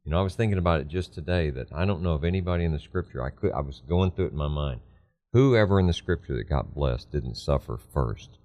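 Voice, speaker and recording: A man's voice: a bass voice, lively intonation, quick pace, warm tone. A man co-hosting a Christian talk show, earnestly adding his points to the conversation.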